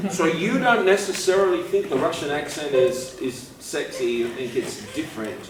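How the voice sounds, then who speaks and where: A man hosting a live improv comedy show, teasing and quick in banter. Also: high-pitched, lively intonation, very noisy. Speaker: improv performer and host. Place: theater stage at a festival. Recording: roomy hall from far off with music.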